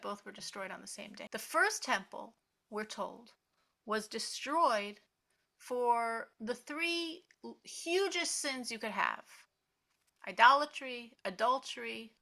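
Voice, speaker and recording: A woman teaching a Torah class, telling the story lively and acting out the characters' lines. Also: medium pitch, a little slow, gravelly. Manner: animated, acts out the characters' voices in the story.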